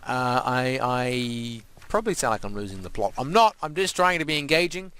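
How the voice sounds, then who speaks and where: A man's voice: medium pitch, lively intonation, normal speed, fairly bright tone, smooth. A young man giving casual, rambling let's-play commentary and playfully talking to the animals and objects in his game. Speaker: gaming channel host.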